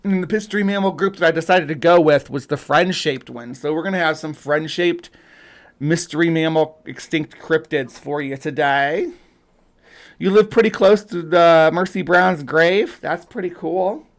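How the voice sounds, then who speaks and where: A man's voice: fairly high pitch, moderate pace. A man hosting a casual livestream, rambling with lots of fillers and restarts. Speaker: host.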